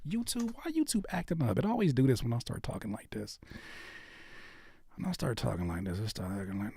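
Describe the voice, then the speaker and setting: A man hosting a casual live stream, talking in an animated way that swings between loud outbursts and low muttering. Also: breathy edge, dry recording. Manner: animated, quick shifts between shouting and muttering. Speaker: host of a live stream channel.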